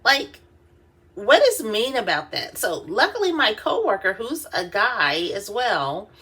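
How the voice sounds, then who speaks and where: A woman's voice: medium pitch, big pitch swings, a little slow, a bit bright, breathy edge. A woman vlogger, telling a work story in a casual, chatty way, with lots of fillers and laughs. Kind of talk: casual storytelling while doing her hair.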